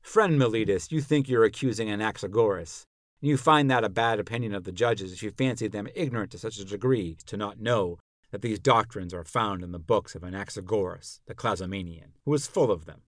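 A man's lowish voice, close to an everyday one and a little fast, carries a dramatic reading of a classical dialogue for a podcast. As an elderly philosopher on trial, he questions his accuser in a probing, ironic, pointed and indignant manner. The recording is dry and studio quality.

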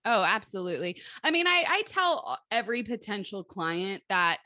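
Lively chatty woman in her thirties. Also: mid-range voice, normal speed, dry recording, clean studio sound. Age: 30s. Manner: lively, animated storytelling with quoted voices and laughs. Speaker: podcast co-host and life coach. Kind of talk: casual chat.

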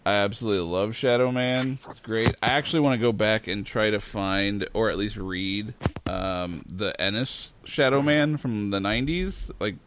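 A man's voice: lowish voice, normal speed, few pauses, a bit bright, a little hiss or hum. A man hosting a casual chat, talking with enthusiasm and laughing easily. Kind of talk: casual chat about comics.

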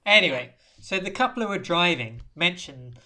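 A woman with a notably low voice talks through a film's plot in a loose, rambling way. She drops in dry, deadpan asides as she goes. It sounds like a casual chat between podcast co-hosts. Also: moderate pace. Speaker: podcast co-host. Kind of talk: casual chat, recapping a film.

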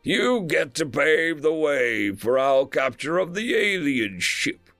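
A man voicing a pompous, hot-tempered male alien priest who barks raspy commands. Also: fairly high pitch, sing-song, takes it slowly, no echo, faint music behind, voice pushed up, exaggerated voice. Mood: haughty. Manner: shouting, commanding.

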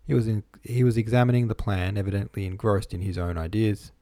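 A man narrating an audiobook in a measured, even reading voice, recorded close to the microphone. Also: on the low side, no echo.

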